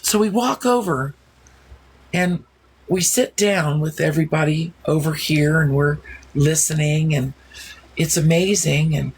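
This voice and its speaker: A woman's voice: low voice, slight background noise. A woman telling a story in a casual, wondering way, often restarting her sentences. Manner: slow, wondering, full of restarts.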